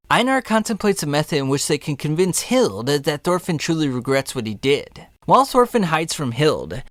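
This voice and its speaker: A man's voice: fairly high pitch, dry recording, clean studio sound. A man narrating a manga recap in a casual scripted style, throwing in joking asides. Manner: lively storytelling with joking asides.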